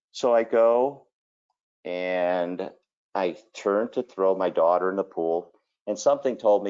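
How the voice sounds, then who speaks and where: A kitchen designer talking through a screen-share presentation, telling folksy stories and filling gaps with 'okay' and 'you know'. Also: male voice, low voice, expressive, moderate pace, a little mellow, lo-fi sound. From Cleveland area, Ohio.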